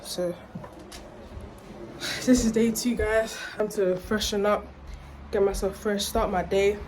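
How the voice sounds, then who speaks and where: A woman's voice: mid-range voice, fairly even intonation, slow pace, darkish tone, a little hiss or hum. A young woman with a London accent chatting casually in a vlog while walking her puppy outdoors in a park, slang-heavy and laughing nervously, filmed on a handheld phone. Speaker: vlogger. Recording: background music over voice.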